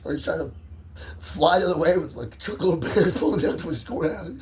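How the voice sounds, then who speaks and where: A gravelly-voiced man spins a crude, wandering story, cursing nearly every line and chuckling at himself. His pitch swings up and down a lot, and he sits a bit away from the mic. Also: lively intonation, fast, a little mellow, recorded from a distance. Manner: profane, rambling, laughing at his own story.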